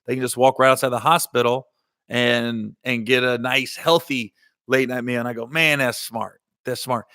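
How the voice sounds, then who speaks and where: A man's voice: medium pitch, little pitch movement, normal speed, sharp tone, clear, resonant tone, dry recording, studio quality. A man hosting a comedy podcast in casual storytelling style, rambling and correcting himself, with a slight Ohio Valley twang.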